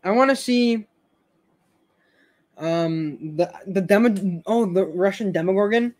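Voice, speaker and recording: On a fan stream, a young man with a high-pitched voice chats casually, slow and a little mellow. He rambles, stumbles over words and restarts his sentences, laughing every so often.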